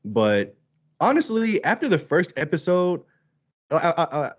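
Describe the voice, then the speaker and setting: A man co-hosting a podcast in casual chat, animated and quick to act out quoted lines. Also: a little high, muffled recording. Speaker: podcast co-host.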